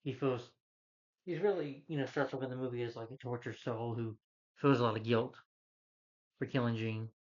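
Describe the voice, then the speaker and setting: A man recaps a movie scene by scene in a loose, rambling way, stumbling over his words and leaning on fillers. His voice sits at an ordinary middle pitch. The recording sounds a little dull and lo-fi. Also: fairly even intonation. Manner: rambling, halting, full of "you know" and restarts. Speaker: movie reviewer. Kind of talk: casual plot retelling.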